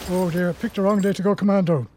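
An actor playing a jolly, gossiping Scottish bishop who rambles and laughs at others. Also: male voice, high-pitched, fairly even intonation, fast, darkish tone, a little hiss or hum, close to an everyday voice. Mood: gossipy.

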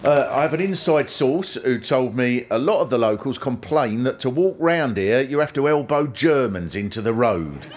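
A man's voice: medium pitch, normal speed, hardly any pauses. A man doing a stand-up comedy routine on stage, acting out the people he quotes. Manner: animated, acts out quoted characters. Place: theatre with a live audience. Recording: noisy live stage recording. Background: audience laughter.

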